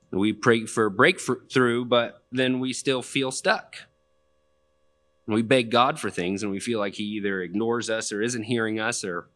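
A man's voice: fairly low pitch, bright, forceful tone. A young man preaching a sermon in a conversational, plainspoken way, with casual asides. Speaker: pastor.

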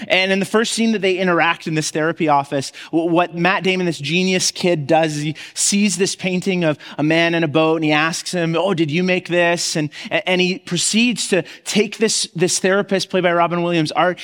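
A man's voice: high-pitched, fairly even intonation, a little fast, few pauses, a bit bright, long reverb tail. A man preaching a sermon in a conversational way, often restarting his words and acting out the voices he quotes. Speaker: pastor.

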